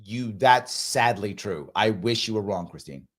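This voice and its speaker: Animated male host reading viewer comments. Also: on the low side, unhurried. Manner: animated, emphatic, repeats phrases for emphasis; does mocking voices of opponents. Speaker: host of a live ask-me-anything show.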